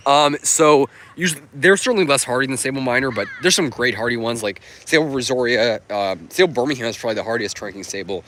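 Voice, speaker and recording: A man's voice: medium pitch, fast talker, few pauses, a bit bright, slight background noise. A man hosting a casual outdoor livestream, answering viewer comments in an upbeat, chatty way with plenty of fillers. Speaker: livestream host. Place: outdoors on a sunny coast.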